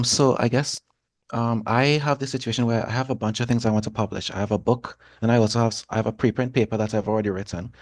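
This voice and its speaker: A man calling into a livestream over a video call, halting and restarting his sentences. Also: on the low side, no room sound. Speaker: caller. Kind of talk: casual call-in talk.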